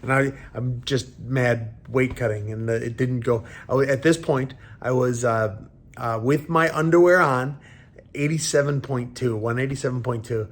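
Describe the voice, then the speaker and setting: A man in his thirties, a professional fighter, telling a story casually in a halting way and acting out the lines of the people in it. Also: medium pitch. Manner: halting retelling, acting out quoted dialogue.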